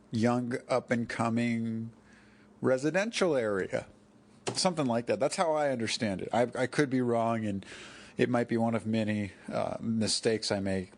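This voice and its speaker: A man hosting a solo podcast, talking in a rambling, digressive way, correcting himself and drifting off topic. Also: medium pitch. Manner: digressive, self-correcting, chuckling asides. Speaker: podcast host.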